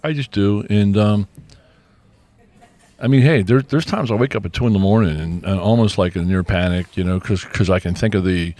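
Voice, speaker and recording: Middle-aged male co-host, low voice with a slight hoarseness, earnest chatty delivery full of restarts. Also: normal speed, a little mellow. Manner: earnest, with many restarts and repeated words. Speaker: podcast co-host. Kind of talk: casual chat.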